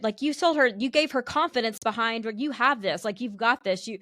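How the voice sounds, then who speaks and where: A woman hosting a podcast interview, affirming her guest and quick to agree. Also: on the high side, a bit bright, dry recording, studio quality. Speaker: podcast host, holistic lifestyle coach. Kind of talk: casual interview conversation.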